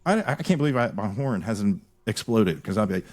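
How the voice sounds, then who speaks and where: A man hosting a casual podcast chat, telling stories in an animated, rambling way with frequent restarts. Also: on the low side, brisk. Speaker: podcast host.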